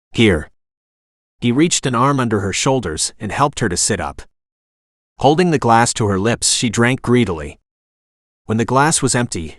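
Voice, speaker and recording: Ai male voice reading an audiobook, lively intonation, dry close sound. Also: medium pitch, dry recording. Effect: text-to-speech voice. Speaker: audiobook narrator. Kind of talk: scripted narration.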